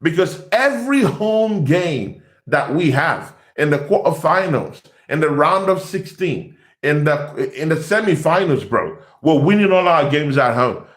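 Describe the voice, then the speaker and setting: A man giving an animated football fan rant, excitable and taunting, often repeating his words. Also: fairly high pitch, measured pace. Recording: echoey room.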